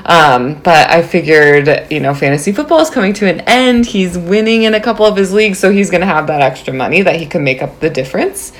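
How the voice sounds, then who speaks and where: Young woman, twenties, vlogger, bubbly, animated, lots of fillers, slightly low voice. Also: fairly quick, hardly any pauses. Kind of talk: casual storytelling.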